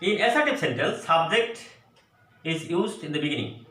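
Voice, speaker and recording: A man teaching an English grammar lesson at a board, explaining slowly and going over each example again. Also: fairly high pitch, big pitch swings, sharp tone. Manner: slow, deliberate explaining with repeated examples. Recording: echoey room, voice from a distance, faint noise.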